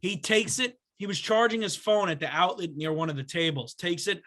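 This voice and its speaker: A young man tells a long story on a casual podcast and does the voices of everyone in it. His voice is bright and a touch high. He talks the way you would with friends. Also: fairly quick. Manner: animated storyteller acting out voices. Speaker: podcast co-host. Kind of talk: casual chat.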